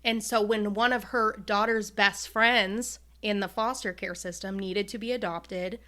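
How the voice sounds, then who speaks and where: Bright, emotional woman podcast co-host. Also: mid-range voice. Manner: emotional, retells a story with many fillers. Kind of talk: casual chat.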